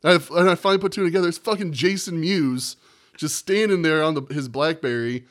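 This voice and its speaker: A man's voice: a little high, fairly quick, fairly bright tone. A man co-hosting a podcast, telling a long, rambling, profane story in casual chat and acting out the quotes. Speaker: podcast co-host.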